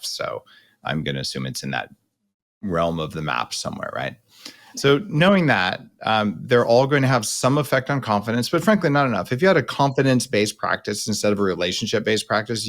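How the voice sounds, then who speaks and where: Blunt, low-voiced male podcast host. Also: a bit bright. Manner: blunt, emphatic explainer with casual slang. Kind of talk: coaching conversation.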